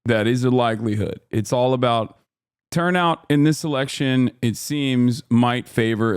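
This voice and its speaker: A man commenting on a live stream, ranting in an animated, profane way. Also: mid-range voice, clear, resonant tone. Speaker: streamer reacting to clips.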